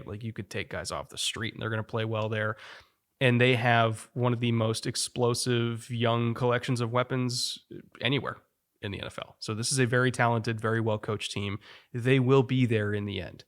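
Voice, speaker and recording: Male sports podcast host, mid-pitch, casual and opinionated, rattles off stats. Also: level tone, normal speed. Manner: opinionated, stat-heavy, frequent restarts. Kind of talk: casual sports analysis chat.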